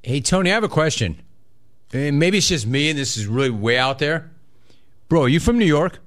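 A man hosting a sports call-in radio show, animated and joking with callers. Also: a little high, fairly quick. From California. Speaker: radio talk show host. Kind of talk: casual sports radio chat.

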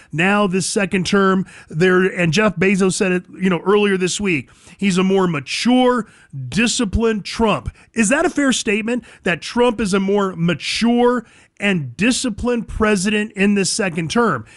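Man, radio talk host, high voice, dry studio sound, emphatic, combative monologue. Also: fairly bright tone, dry recording. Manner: emphatic, combative, addresses listeners directly.

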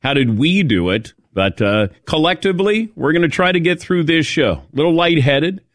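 Speaking into a studio microphone, this sports talk show host spins a funny story at his own expense, voicing the quoted lines with gusto. His pitch runs fairly high, he talks at a normal speed, and there's no echo.

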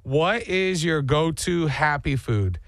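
Man, morning show host, casual chat, lively storytelling, a little high, dry close sound. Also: slow, no echo. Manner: lively storyteller, acts out quoted voices.

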